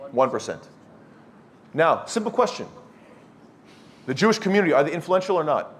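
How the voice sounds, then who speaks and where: A man's voice: on the high side, big pitch swings, moderate pace. A man giving a blunt, scolding sermon to a youth circle, quizzing the audience with questions. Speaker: speaker at a youth study circle. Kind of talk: lecture-style sermon to a live audience.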